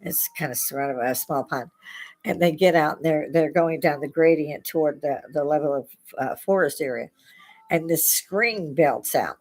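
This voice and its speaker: A woman's voice: low-pitched, moderate pace, darkish tone. A woman hosting a casual chat, telling spooky stories and laughing often as she goes. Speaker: host. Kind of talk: casual storytelling.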